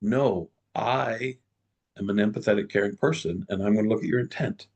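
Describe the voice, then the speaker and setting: Gravelly, husky middle-aged man. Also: fairly low pitch, moderate pace. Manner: animated storyteller, many restarts. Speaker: guest. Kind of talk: casual storytelling in an interview.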